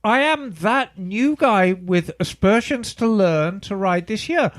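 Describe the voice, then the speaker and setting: A man co-hosts a casual podcast and reads a listener's letter aloud, throwing in playful joking asides. His voice sits high and swoops around with lively pitch. The sound is dry and close. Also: takes it slowly, dry recording. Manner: playful, breaks into mock British asides while reading. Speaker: podcast co-host. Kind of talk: casual chat, reading listener email aloud.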